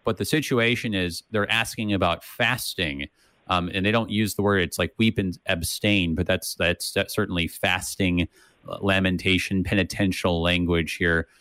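A man with a somewhat low voice talks through a Bible passage in a relaxed, conversational way. He restarts his sentences often and keeps checking in with "right?". The recording is close and dry. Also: moderate pace, clean tone, no room sound. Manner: thinks aloud with many restarts and "right?" tags. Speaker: co-host of a Bible study podcast. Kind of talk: casual Bible discussion.

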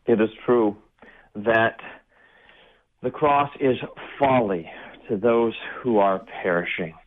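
Earnest pastor on tinny radio audio. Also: male voice, on the low side, animated. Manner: earnest, emphatic, slows down for stress. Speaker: Lutheran pastor. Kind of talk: sermon-like teaching.

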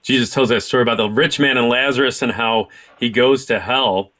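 A man hosting a faith talk show, speaking in a measured, thoughtful way. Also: medium pitch, fairly even intonation, fairly bright tone. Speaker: radio show host.

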